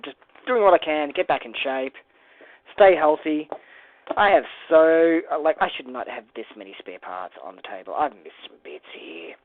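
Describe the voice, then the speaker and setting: A host casually narrating a toy brick build, rambling through playful asides and quiet mumbles to themself. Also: medium pitch, dry recording. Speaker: LEGO builder and channel host. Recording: dry, tinny phone-like sound.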